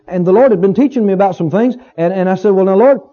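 A man's voice: sits high, quick pace, mellow, husky. A male pastor preaching a sermon in a folksy, emphatic way, often repeating his phrases for weight. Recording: dull lo-fi recording.

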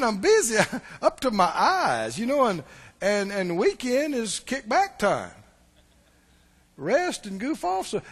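High-voiced preacher in a reverberant hall. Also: male voice. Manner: storytelling preacher, swings between loud and hushed. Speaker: pastor. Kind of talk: sermon.

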